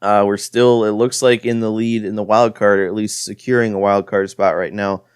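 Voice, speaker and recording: A man's voice: lowish voice, steady tone, moderate pace, clean tone, no echo, clean studio sound. A young man giving casual play-by-play commentary on his own video game, frustrated and self-deprecating. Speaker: gaming channel host. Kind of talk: gameplay commentary.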